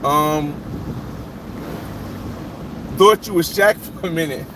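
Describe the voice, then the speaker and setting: This man talks in a fairly high voice as he drives and streams live, greeting viewers by name and chatting loosely about what is on his mind. Clear road and engine noise runs under the voice, picked up by a phone mic inside the car. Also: extremely slow. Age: adult. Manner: talks to chat, reading names and shouting out viewers. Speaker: livestream host. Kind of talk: casual live chat while driving.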